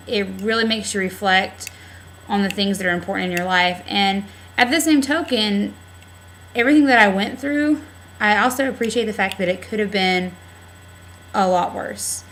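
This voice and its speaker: A woman's voice: medium pitch, normal speed, a bit bright, slight background noise, poor audio. Candid young woman vlogging on a webcam. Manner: rambling, candid, heavy use of "like" and "um". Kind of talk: casual personal video diary.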